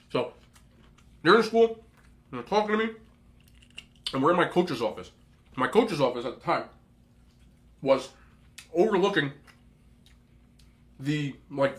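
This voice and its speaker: A man's voice: a little high, a bit bright. A young man hosting an eating show, telling a rambling story casually with lots of asides and laughter. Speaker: mukbang host.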